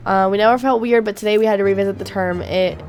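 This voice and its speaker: A woman's voice: mid-range voice, steady tone, fast talker, darkish tone, slight background noise. A woman YouTuber giving chatty, reactive commentary on a game, reading its text aloud and swearing freely. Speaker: gaming YouTuber. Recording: faint game music behind.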